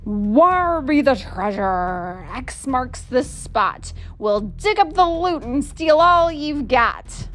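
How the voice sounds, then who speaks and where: A woman reading a picture book aloud, voicing a gruff, bossy male pirate captain with blustering pirate talk. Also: sits high, animated, slow, few pauses, a little hiss or hum.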